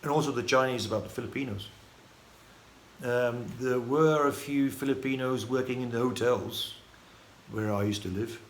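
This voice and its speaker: In an echoey room with faint background noise, a UK vlogger recounts his life story casually. His medium-pitched delivery rambles and halts, full of restarts, fillers and chuckling.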